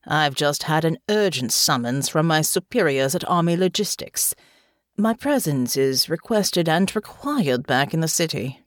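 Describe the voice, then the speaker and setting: A woman reading an audiobook, voicing a pompous, scheming male nobleman in a lowered voice. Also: animated, unhurried, dry recording, studio quality. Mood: haughty. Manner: haughty, sniffing.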